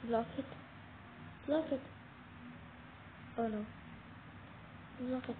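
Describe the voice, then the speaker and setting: Excitable woman narrating a game, phone-like audio. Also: on the high side, very slow, long pauses. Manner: excitable, talks to viewers as "guys", dramatic alarm. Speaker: gameplay commentator. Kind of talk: casual game commentary. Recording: tinny phone-like audio with faint noise.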